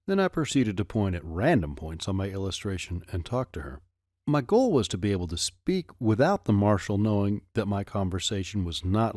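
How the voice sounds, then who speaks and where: A man narrating a first-person adventure audiobook with expressive storytelling. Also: on the low side, no room sound, studio quality.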